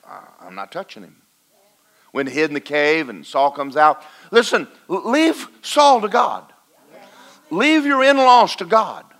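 Animated preacher, high and lively. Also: male voice, measured pace. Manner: folksy, animated preaching with swings from loud to quiet. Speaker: pastor. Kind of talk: sermon. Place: church in front of a congregation.

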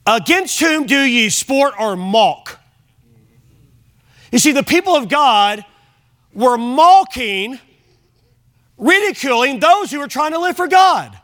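A man's voice: extremely high pitch, lively intonation, slow, long pauses, fairly bright tone. A man preaching an evening sermon in church, reading scripture aloud and explaining it with frequent check-ins to the congregation. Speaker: pastor.

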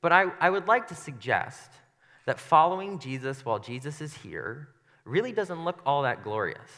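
A young man preaching in a church, his voice bright and forward, carrying a long reverb through the hall. He talks in a loose, conversational way, playful and self-deprecating. He keeps slipping into little voices to act out scenes. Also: fairly high pitch, big pitch swings, normal speed. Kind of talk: casual conversational sermon. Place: church sanctuary.

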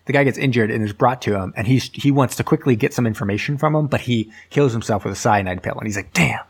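A man's voice: medium pitch, fast talker, breathy edge. A man casually retelling a film's plot in a rambling, filler-heavy way, as a podcast host. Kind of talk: casual movie recap.

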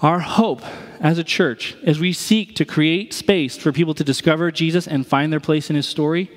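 A man's voice: a little high, moderate pace, long reverb tail. A man preaching a sermon as pastor, conversational, and he acts out the voices he quotes.

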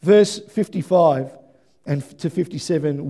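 A male pastor preaching an animated sermon, rising to shouts at the peaks and dropping into quick asides. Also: high voice.

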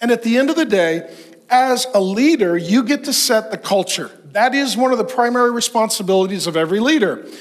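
A middle-aged male preacher with a notably high voice delivers an emphatic sermon. He stacks rhetorical questions and long lists, pressing each point home. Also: expressive, a little fast. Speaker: pastor. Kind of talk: sermon to men.

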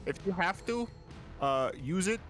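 Male player, slightly high voice, hesitant and casual. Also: lively intonation, a little slow, fairly bright tone, faint music behind. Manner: hesitant, full of fillers. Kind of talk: casual in-character table talk.

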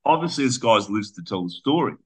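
A man's voice: lowish voice, lively intonation, quick pace, darkish tone, breathy edge. A man co-hosting a podcast, retelling a story in a rambling, casual way with some swearing. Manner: rambling, profane storytelling with restarts. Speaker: podcast co-host.

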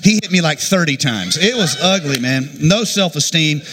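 A man's voice: on the high side, normal speed. A middle-aged man preaching a sermon, telling a funny childhood story and acting out the voices in it. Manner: animated, jokey, acts out quotes. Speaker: pastor.

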